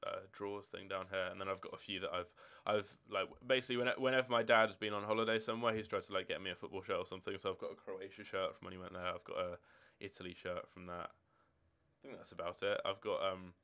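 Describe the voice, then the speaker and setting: A man's voice: low voice, steady tone, fast talker, hardly any pauses, pushed and bright, clean tone. An eighteen-year-old man from Scotland, chatting casually on a game live stream in a rambling way, answering viewers' questions from his room at home. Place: home room with football shirts and drawers.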